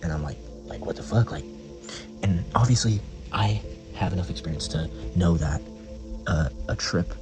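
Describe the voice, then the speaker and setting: A young man vlogs a casual story with a deep voice at a moderate pace, leaving long pauses. He rambles in slang, swears often and leans on filler words. Background music plays, and the audio is poor.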